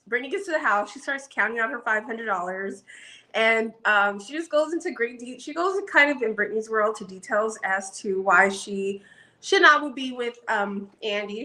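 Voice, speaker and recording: A woman's voice: fairly high pitch, normal speed, pushed and bright, low-quality recording. A woman casually recapping a reality show for her channel, chatty and gossipy with frequent ums.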